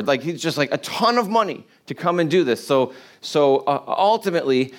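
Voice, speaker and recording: A man's voice: on the high side, animated, normal speed. Chatty, humorous preacher man. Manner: conversational, humorous, filler-heavy. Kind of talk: casual sermon storytelling.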